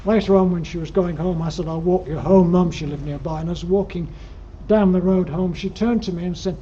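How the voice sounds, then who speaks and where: A man's voice: high-pitched, fairly even intonation, fairly quick, warm tone. An older man with a Yorkshire accent giving a rambling, dryly humorous slide-show talk to a club, with plenty of ums, on a dull lo-fi recording. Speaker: guest speaker at alpine club. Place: lecture room. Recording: dull lo-fi recording with faint noise.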